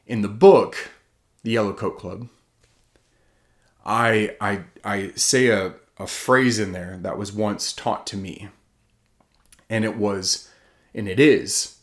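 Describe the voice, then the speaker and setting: A man giving a heartfelt motivational talk as an author, earnest and self-questioning, his voice swinging from loud and pressing to hushed and slow. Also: fairly low pitch, fairly even intonation.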